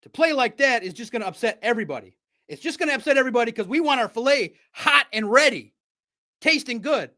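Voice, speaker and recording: A man hosting a live sports stream, talking in an excitable, rambling, chatty way from a home studio. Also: very high voice, quick pace.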